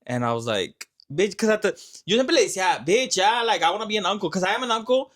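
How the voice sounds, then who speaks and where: A young man speaks quickly, with a voice pitched a little high for a man. He chats loosely and keeps the stories rolling, filling them with fillers and swearing. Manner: animated storytelling, lots of fillers and swearing. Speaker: vlog host. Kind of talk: casual chat.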